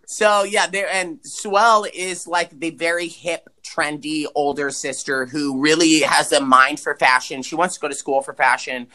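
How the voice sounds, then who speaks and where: An animated male podcast co-host recaps an old movie in loose, profane casual chat. His voice is bright and a little high for a man, and it leaps up and down in pitch whenever he wants to stress a point. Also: a little slow, hardly any pauses. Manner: animated, swearing, swings pitch for emphasis.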